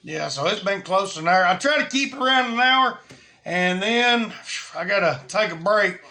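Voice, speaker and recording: A man's voice: sits high, lively intonation, moderate pace, pushed and bright. A man hosting a live stream in casual, rambling chat, with many fillers and restarts.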